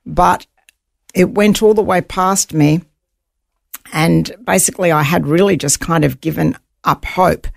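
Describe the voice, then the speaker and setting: A woman's voice: on the low side, steady tone, a little slow, vocal fry, dry recording, studio quality. A woman guest in an interview, earnestly telling a personal story and voicing her own thoughts aloud.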